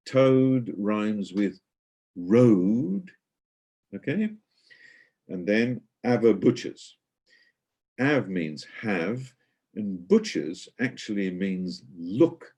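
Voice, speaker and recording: A man's voice: fairly low pitch, very animated, drawn-out words, long pauses, dark tone, husky. A middle-aged man giving an online guided tour, chatty and explanatory, with many hesitations and fillers.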